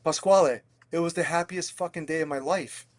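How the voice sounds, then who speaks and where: A restaurant owner from Pennsylvania talks through his story as a podcast guest. His voice sits a little high for a man. He is animated and blunt, swears casually, and trips over and repeats his words as he goes. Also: a little fast. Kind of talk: candid conversational storytelling.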